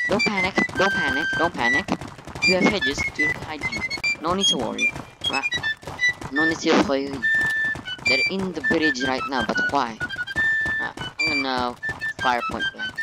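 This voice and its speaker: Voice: mid-range voice, huge pitch swings, normal speed, long pauses, low-quality recording. A gamer giving casual let's-play commentary on a desk mic, playful and over-dramatic, talking himself through each fight by repeating words. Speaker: gamer playing online. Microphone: own desk mic, sometimes bumped. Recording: loud game music behind the voice. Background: loud game music.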